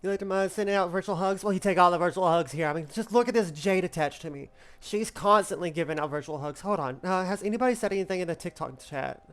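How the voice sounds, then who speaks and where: A woman's voice: fairly low pitch, quick pace. A woman streaming a game, chatting animatedly with her chat, swearing and reacting with delight. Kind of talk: casual gaming livestream.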